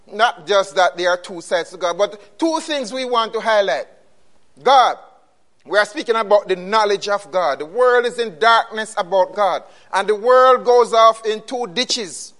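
Male preacher, unhurried delivery, hammers key phrases through repetition. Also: very high-pitched, a bit bright. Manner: emphatic, repeats key phrases. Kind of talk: sermon.

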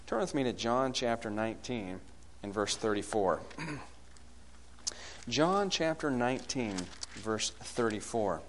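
A man preaching a sermon, asking the congregation questions and swinging between loud bursts and hushed lines. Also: mid-range voice, lively intonation, slow, long pauses, slight background noise.

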